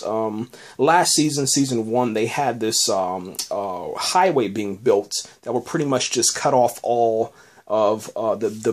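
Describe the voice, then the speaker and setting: A medium-pitched man reviews a TV episode on his own laid-back podcast, wandering through his thoughts. His talk is peppered with fillers, false starts and repeated "man"s.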